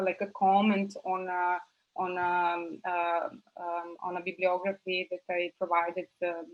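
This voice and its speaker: A woman's voice: on the low side, rough recording. Hesitant woman presenting on a video call. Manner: hesitant, many fillers and restarts. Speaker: university teacher presenting a publication.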